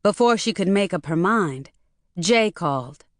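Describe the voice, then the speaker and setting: A woman reading an audiobook as narrator, in an even, measured storytelling manner. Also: lowish voice, no room sound, clean studio sound. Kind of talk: scripted narration.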